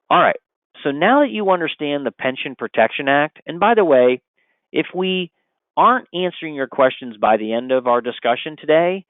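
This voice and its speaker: A man's voice: medium pitch, no echo. A man giving an upbeat sales presentation to financial advisors, with frequent rhetorical questions. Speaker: insurance product presenter. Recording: dry, phone-like narrow sound.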